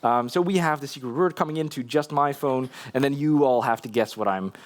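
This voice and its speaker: A man speaks at mid pitch during a live conference tech talk, in a casual, chatty way. He talks on a stage mic and keeps tossing in fillers and restarting his sentences. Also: a little fast. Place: conference hall.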